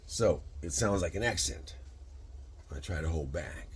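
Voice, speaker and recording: This low-pitched, expressive vlogger is a man in his sixties with a Michigan accent, cooking and chatting in his own kitchen. His talk drifts into philosophy and speeds up in sudden bursts, with slight background noise behind him.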